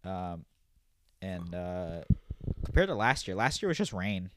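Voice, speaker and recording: A young man co-hosting a podcast, chatting in a relaxed, rambling way and swearing casually. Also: low-pitched, measured pace, background noise. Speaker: podcast co-host. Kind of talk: casual chat.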